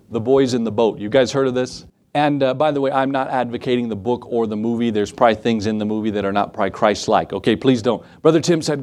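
A man preaching a sermon in a lively, conversational way, with asides to the congregation. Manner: acts out quoted voices with shifts in pitch. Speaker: pastor.

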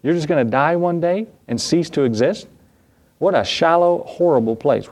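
A man preaching an evening church sermon, asking rhetorical questions that rise in pitch and repeating phrases for stress. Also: moderate pace, darkish tone.

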